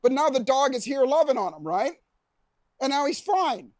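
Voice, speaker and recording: Man, high-pitched voice, animated motivational speaker, acts out shouts, dry close sound. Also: moderate pace, no echo. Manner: animated storyteller, acts out shouts and gasps, coaxes audience. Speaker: keynote speaker. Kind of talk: motivational seminar talk. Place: event lounge before a live audience.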